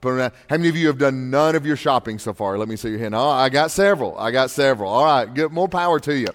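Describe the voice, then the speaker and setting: A man's voice: mid-range voice, animated, fast talker, long reverb tail. A man, a pastor preaching a sermon in a church and telling folksy stories. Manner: folksy storytelling with crowd surveys. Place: church sanctuary.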